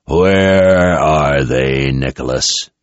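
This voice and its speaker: A man doing a deep, gravelly, menacing emperor. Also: no echo, full character voice. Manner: slow, threatening, enraged at times. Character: menacing male emperor speaking through a possessed young soldier. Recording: dull lo-fi recording.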